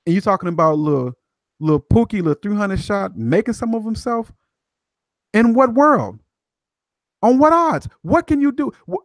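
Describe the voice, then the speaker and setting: A man's voice: on the high side, a little mellow, no echo. A man from Chicago talking emphatically as a guest commentator, in casual street slang.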